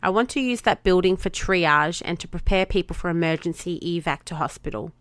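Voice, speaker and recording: A woman voicing a brisk, determined female Starfleet doctor who talks firmly and insistently in a fan audio drama. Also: lowish voice, a bit bright, dry recording, lightly acted. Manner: firm, insistent.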